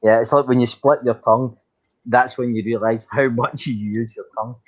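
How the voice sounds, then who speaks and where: A man's voice: medium pitch, steady tone, moderate pace, dull audio. A man on a casual livestream chat who explains things matter-of-factly.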